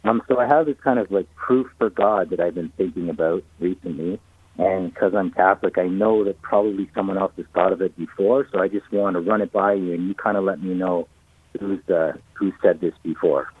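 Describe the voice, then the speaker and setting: Male caller, low pitch, husky, tinny fuzzy phone line, halting. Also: no echo. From Canada. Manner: eager, halting, lots of fillers.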